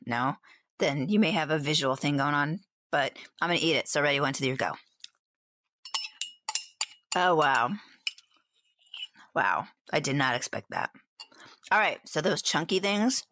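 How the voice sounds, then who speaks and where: A playful, chatty woman co-hosting a podcast with a low voice. She describes what she tastes with lively, casual humor. The sound is dry and close to the mic. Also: no room sound. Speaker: podcast co-host. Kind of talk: casual chat, live taste test.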